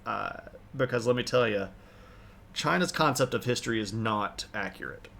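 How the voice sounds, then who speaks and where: A man's voice: mid-range voice, normal speed, vocal fry, a bit bright, slight background noise. A man chatting casually on a history livestream, rambling with many fillers and restarts. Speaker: history streamer.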